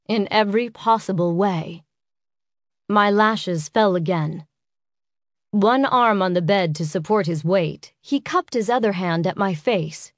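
A woman reading a first-person romance audiobook in an intimate, unhurried way. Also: mid-range voice, no echo, studio quality. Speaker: audiobook narrator.

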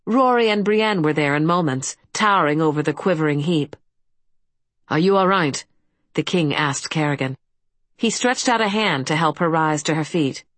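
A woman narrating an audiobook in a steady, even storytelling manner. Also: sits low, normal speed, no echo. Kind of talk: scripted fantasy narration.

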